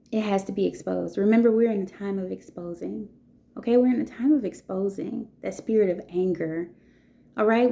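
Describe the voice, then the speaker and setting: A woman in her thirties speaks to her viewers in a relaxed, conversational monologue. Her voice is dark and mellow. She keeps checking in with "okay?" and "you know" as she goes. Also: mid-range voice, creaky. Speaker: vlogger. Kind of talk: casual storytelling monologue.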